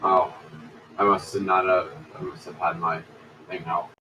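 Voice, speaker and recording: Low-voiced man on a distant mic. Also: level tone, measured pace. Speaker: tabletop game player. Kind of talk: casual tabletop role-play narration. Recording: distant mic with faint background noise.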